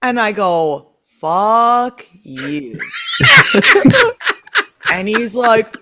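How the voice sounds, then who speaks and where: A woman telling a story on a podcast, animated, acting out quotes and swearing freely. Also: fairly high pitch, very slow, pauses often, heavy background noise. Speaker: podcast guest. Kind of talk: casual chat.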